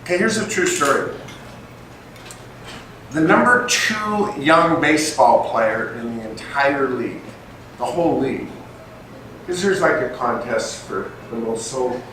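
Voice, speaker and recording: An older man giving a storytelling talk to a group, animated and acting out the dialogue in his anecdotes. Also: medium pitch, unhurried, long pauses. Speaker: guest speaker. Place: meeting room with an audience. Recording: echoey room, distant mic, faint noise.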